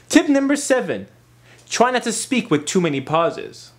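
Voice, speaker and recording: Lively man hosting a comedy vlog. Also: sits high, moderate pace, roomy sound. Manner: lively, upbeat delivery of numbered tips.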